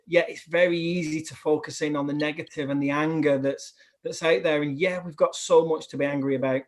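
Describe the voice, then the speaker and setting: Upbeat northern English man, higher voice. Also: fairly even intonation, brisk. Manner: upbeat, emphatic, repeats words when starting a thought. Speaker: primary school head teacher. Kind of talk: webinar panel discussion. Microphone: remote video call.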